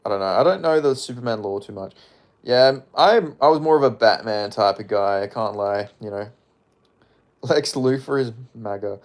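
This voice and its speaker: On a casual livestream, a man with a lowish voice reads viewer comments at a moderate pace. He rambles offhandedly and swears frequently.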